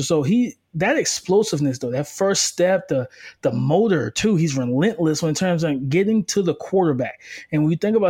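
Man with a fairly high voice, co-host, casual sports talk, energetic, restarts often. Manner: energetic, quick breakdowns with frequent restarts. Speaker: co-host, football analyst. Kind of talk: casual sports analysis chat.

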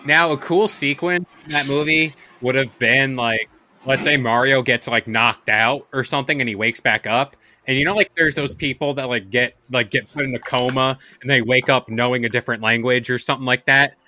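A man co-hosting a casual podcast chat, relaxed, with many "like" fillers. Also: mid-range voice, normal speed. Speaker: podcast co-host.

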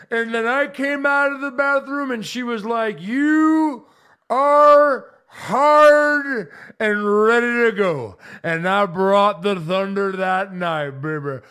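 A swaggering braggart, put on by a man, stretches every word in a very high, slow drawl. His pitch swoops wildly as he shows off in a comic ad. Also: pushed and bright, clear, resonant tone, full character voice. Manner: drawling, showy, calls the listener baby. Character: boastful swaggering man selling a product. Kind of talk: comic ad read.

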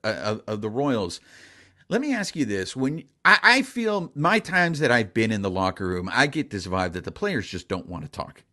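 A male podcast host asks long, rambling questions full of restarts. His pitch swings widely around a middle level, which makes him sound animated. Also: moderate pace. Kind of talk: casual interview chat.

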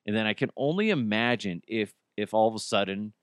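Rambling, cursing podcast host. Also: male voice, lowish voice, lively intonation, a little fast, smooth, no room sound, studio quality. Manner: rambling, profane, with many restarts. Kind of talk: casual solo podcast talk.

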